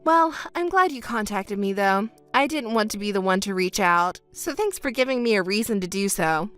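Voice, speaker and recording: A woman's voice: medium pitch, animated, normal speed, a bit bright, clean tone. A woman voicing a scripted text-story narration, cold and scolding, with faint music underneath.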